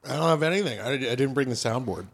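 Man, deadpan soundboard guy on a chatty podcast. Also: mid-range voice, fast, vocal fry, slight background noise. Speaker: soundboard operator. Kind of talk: casual chat.

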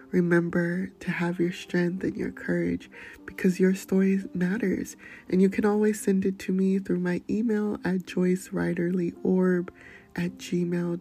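A woman hosts a podcast in a soft, slow manner, her mellow voice often sinking into a breathy near-whisper. Her pitch stays fairly level and even, with faint music beneath her words. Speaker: podcast host. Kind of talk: gentle motivational talk and poetry reading.

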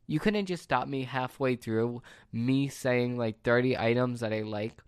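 A man's voice: mid-range voice, unhurried, smooth, no echo, studio quality. A man working the phones at a pizza shop, ranting sarcastically about customers in a casual, rambling monologue. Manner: exasperated, sarcastic, rambling with restarts.

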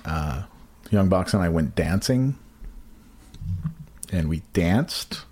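A man with a low voice tells a crude, rambling story in casual podcast chat. His pitch rises and falls widely as he acts out the beats, and he stumbles through fillers and restarts as he goes. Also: animated, takes it slowly, darkish tone, slightly rough.

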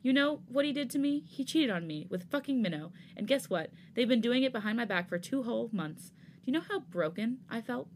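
A woman's voice: a little high, animated, brisk, slight background noise, pitched above the performer's own voice. A woman voicing a defensive young man in a fanfic reading, bitter and hurt. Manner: bitter, then raw and pleading. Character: wounded, defensive young man hiding heartbreak.

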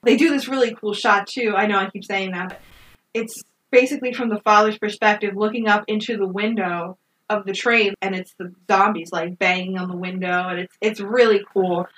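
A woman in casual chat recapping a movie, animated, swearing often and laughing. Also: medium pitch, a little fast, far from the mic, poor audio.

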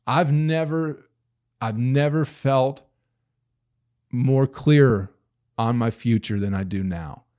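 A man in his thirties holds forth on his own podcast in a loose, rambling rant. He swears freely, sounds exasperated, and keeps firing rhetorical questions. His voice sits at an ordinary middle pitch for a man. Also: slow pace, pauses often, darkish tone. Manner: profane, exasperated, rambling storytelling; rhetorical questions, bursts of emphasis. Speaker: podcast host. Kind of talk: casual solo podcast rant.

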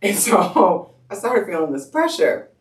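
A woman telling her birth story in casual chat, an animated storyteller who acts out quotes and laughs often. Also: mid-range voice, unhurried. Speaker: podcast guest. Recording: echoey room, mic at a distance.

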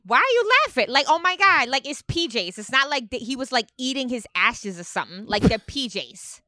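A woman doing a loud, exasperated reality-TV lady. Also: high-pitched, lively intonation, brisk, dry recording, studio quality, pitched above the performer's own voice. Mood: dramatic, exasperated. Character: impression of a brash reality-TV woman. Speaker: podcast co-host.

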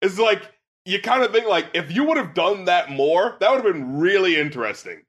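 High, bright-voiced man, animated chat. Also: brisk. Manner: animated, laughs often, swears freely. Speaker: podcast host, music critic. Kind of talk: casual review chat.

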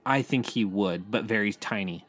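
A man's voice: lowish voice, fairly bright tone, dry recording. Chatty man co-hosting a dry podcast. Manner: chatty, quick to restart sentences. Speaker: podcast co-host, entertainment news editor. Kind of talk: casual podcast chat.

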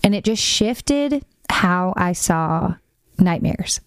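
A woman hosting a casual faith conversation, telling a story earnestly with quick asides. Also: on the low side, a little mellow, dry recording, studio quality.

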